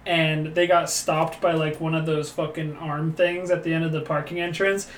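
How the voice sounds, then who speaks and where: High-voiced young man, laid-back, echoey. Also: flat delivery, normal speed. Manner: laid-back, profane storytelling. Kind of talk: casual chat. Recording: roomy echo, distant mic, faint noise.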